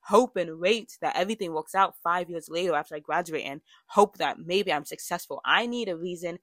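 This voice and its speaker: Chatty young woman with a low, dry voice. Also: brisk, a bit bright, no echo. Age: young adult. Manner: chatty and candid, with frequent fillers and self-corrections. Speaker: podcast host. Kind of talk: casual personal monologue.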